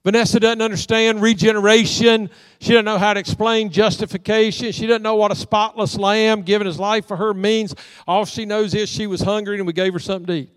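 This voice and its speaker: A man's voice: sits high, flat delivery, fairly quick, clean tone, no echo, long reverb tail. A middle-aged man preaching a storytelling sermon in a church sanctuary, acting out the voices in his folksy stories. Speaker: pastor.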